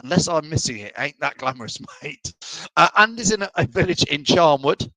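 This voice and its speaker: A man's voice: on the high side, animated, fairly quick, sharp tone, dry recording, poor audio. A middle-aged man from England hosting a live fan show, chatting and teasing as he reads out viewers' messages. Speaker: fan channel host. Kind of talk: live stream chat reading comments.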